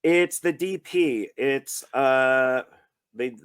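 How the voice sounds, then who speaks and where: A man's voice: mid-range voice, very slow, smooth. A man co-hosting a casual film review chat, answering with brief, matter-of-fact facts. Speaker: co-host reviewing films.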